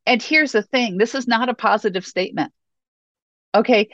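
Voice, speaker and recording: Woman giving a sermon, kinda high voice, chatty, lots of okays, muffled dry audio. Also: normal speed, fairly bright tone, dry recording. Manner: conversational, with frequent "okay" and "you know" asides. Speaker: preacher.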